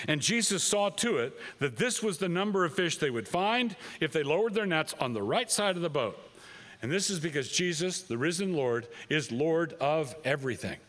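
A man's voice: a little high, a bit bright. A male pastor preaching a sermon, stressing points by repeating phrases.

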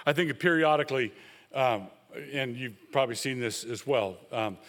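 A man's voice: medium pitch, moderate pace, fairly bright tone, in a large hall. A man preaching a sermon as a pastor, speaking emphatically and rising sharply when he quotes.

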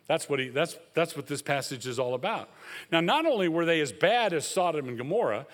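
A man's voice: a little high, a bit bright, big-room sound. A man preaching a sermon as a pastor, speaking emphatically and rising sharply when he quotes.

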